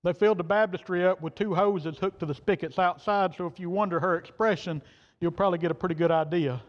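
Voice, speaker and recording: A preacher man with a fairly high voice, telling a folksy story from the pulpit in plain words. His voice rings through a church hall with a long echo, and the sound is dull and muffled. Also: fairly even intonation, quick pace. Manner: folksy, plain-spoken, quoting others in turn. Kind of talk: sermon storytelling. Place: church sanctuary.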